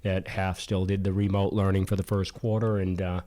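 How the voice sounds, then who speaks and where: Boston-accented man, low easy voice. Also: flat delivery, normal speed, dark tone. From Boston area. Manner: easygoing, laughs often. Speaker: podcast co-host. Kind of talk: casual chat.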